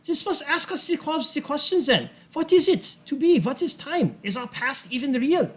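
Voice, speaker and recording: A man's voice: very high voice, expressive, voice pushed up. A man voicing an eccentric old male researcher who lectures with sweeping, dramatic questions. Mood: grandiose. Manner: grand, questioning, dramatic pauses.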